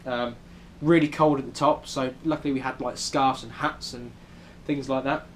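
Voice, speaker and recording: Young British man, casual vlog chat, rambling with ums, mid pitch, faint background hum. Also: steady tone, moderate pace. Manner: chatty, many ums, rambling. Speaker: vlogger. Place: hotel room in New York City.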